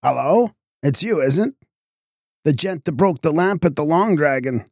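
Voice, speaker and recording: A man voicing an irritable, blustering village constable who speaks gruffly and accusingly. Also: a little high, animated, normal speed, darkish tone, dry recording, clean studio sound, pitched above the performer's own voice. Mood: indignant. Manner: gruff, accusing, rough speech.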